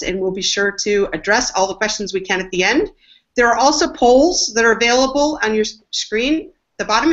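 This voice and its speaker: A woman hosts an online business panel, giving upbeat, enthusiastic introductions. Her voice sits fairly high. The audio is muffled and lo-fi, like a webinar stream. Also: a bit bright. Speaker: webinar host, marketing executive.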